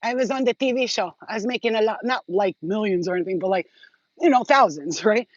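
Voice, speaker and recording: A woman's voice: mid-range voice, a little fast, no room sound, highs cut off. A woman hosting her own channel, telling rambling, profane stories in a casual vlog. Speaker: channel host.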